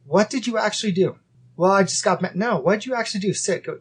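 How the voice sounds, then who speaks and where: A man in his thirties hosting a casual faith podcast, earnest and acting out inner dialogue in quick quoted bits. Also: sits high, slightly rough. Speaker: podcast host.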